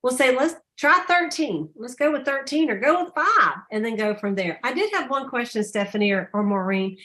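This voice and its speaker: A woman telling stories on a casual sales call, chatty and animated. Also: normal speed. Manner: chatty storyteller, acts out quotes with high voices. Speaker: sales director.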